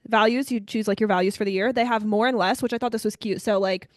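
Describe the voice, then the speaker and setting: A young woman co-hosting a podcast, chatting casually and brightly, often addressing listeners as "you guys.". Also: medium pitch, fairly even intonation, quick pace, no echo, clean studio sound. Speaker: podcast co-host. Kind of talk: casual chat.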